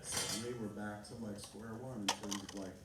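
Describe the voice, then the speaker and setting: A man's voice: on the low side, fairly even intonation, normal speed. A middle-aged man telling loose, profane stories to a live audience, laughing as he goes. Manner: loose, rambling, swears constantly, laughs often. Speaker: filmmaker speaking on stage. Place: large theater. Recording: echoey hall from far off with noise.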